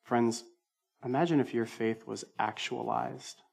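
A male senior pastor delivering a sermon in an animated, conversational way, with emphatic repetition and self-deprecating humor. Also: medium pitch, measured pace, gravelly, husky.

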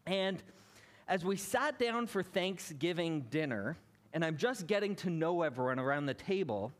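A Canadian man in his thirties, a pastor giving a sermon in a relaxed, storytelling way. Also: on the high side, moderate pace. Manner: conversational, anecdotal, building to a lesson.

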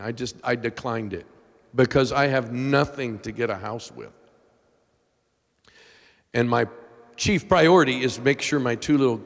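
A middle-aged man preaching in a large church hall, his voice trailing off into a long reverb. He tells his story with raw emotion, sinking to near-whispers and then climbing to shouts. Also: mid-range voice, a little slow, long pauses. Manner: emotional, swings from hushed to shouting. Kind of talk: sermon storytelling.

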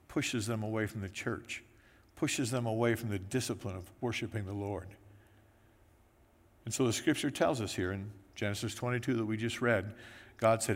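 Man preaching, animated, in an echoey hall. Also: lowish voice. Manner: animated storytelling, acting out quoted voices. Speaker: pastor. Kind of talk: sermon. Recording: echoey hall with long reverb.

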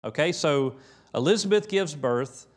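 A man preaching in a relaxed, conversational way, then turning emphatic as he retells the scripture. His voice sits a little high. He brings the quoted lines to life as he speaks. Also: a little slow. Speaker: pastor. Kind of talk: sermon. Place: church.

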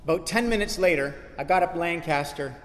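A man preaching a sermon as pastor, earnest and storytelling, building to animated emphasis. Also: on the high side, fairly quick. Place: church sanctuary. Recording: long church hall reverb.

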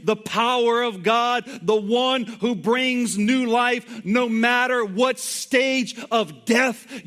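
A man's voice: very high voice, a bit bright. A male pastor preaching a sermon in an emphatic, conversational way, full of rhetorical questions and asides.

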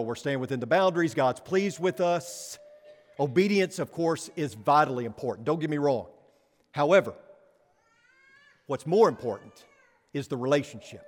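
A man preaching a sermon to a congregation, emphatic, pressing rhetorical questions and swinging between soft and loud. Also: a little high. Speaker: pastor. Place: church sanctuary. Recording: long hall reverb.

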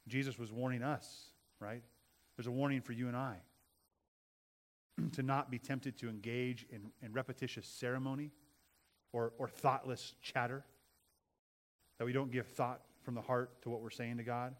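A middle-aged male pastor delivering a sermon. He speaks earnestly, repeats key phrases for emphasis and builds to loud, forceful passages. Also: mid-range voice, little pitch movement, moderate pace, pauses often.

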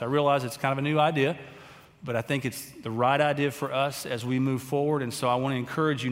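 A man pastor speaking earnestly to his congregation, giving announcements and leading a prayer, with some halting fillers. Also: medium pitch, long reverb tail. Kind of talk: church announcements and closing prayer. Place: church sanctuary.

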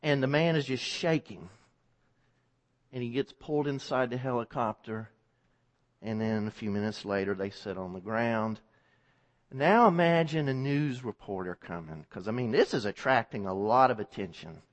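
A man's voice: mid-range voice, animated, normal speed, in a large hall. A man preaching a sermon, telling a story vividly, with frequent restarts.

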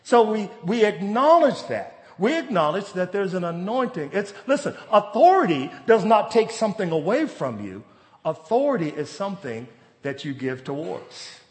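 A man's voice: high-pitched, very animated, moderate pace. Man preaching with emphatic bursts. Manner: storytelling preacher, rising to loud emphatic bursts. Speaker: pastor. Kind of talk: sermon. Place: church sanctuary. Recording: long hall reverb.

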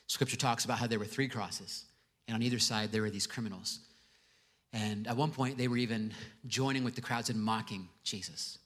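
A man's voice: mid-range voice, a bit bright. A male pastor giving a sermon to a congregation, conversational with joking asides. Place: church before a congregation.

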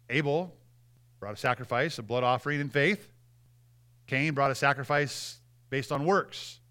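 A man's voice: medium pitch, normal speed, bright, forceful tone. A male pastor giving a conversational sermon and acting out quotes as he preaches.

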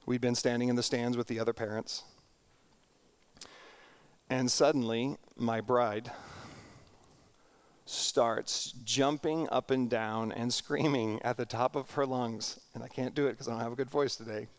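A middle-aged male pastor delivering a sermon with earnest, reflective conviction. His voice is smooth and clear, sitting at an ordinary pitch, and he leans into key words and repeats phrases as he builds. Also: steady tone, measured pace, pauses often.

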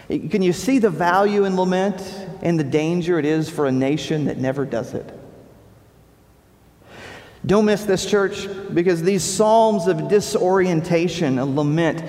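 A male pastor delivering a sermon, preaching with dramatic pauses and rising emphasis. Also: high voice, animated, a little mellow. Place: church sanctuary. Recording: long reverb of a large hall.

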